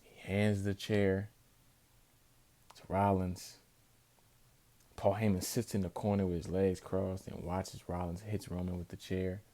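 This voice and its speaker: Man, very low voice, dark and mellow tone, excitable wrestling review vlog. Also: unhurried, pauses often. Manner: excitable, emphatic, animated storytelling.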